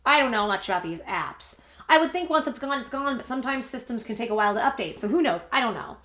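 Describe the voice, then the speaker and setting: In an echoey room, a woman hosts a commentary channel, recapping online drama with chatty gossip and wry asides as she reads and reacts. Her voice sits on the high side, fast and fairly bright, with lively intonation.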